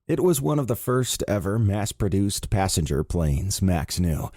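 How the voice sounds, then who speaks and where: Deep, dark-voiced male audiobook narrator. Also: very animated, a little slow, no echo, clean studio sound. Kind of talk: scripted narration.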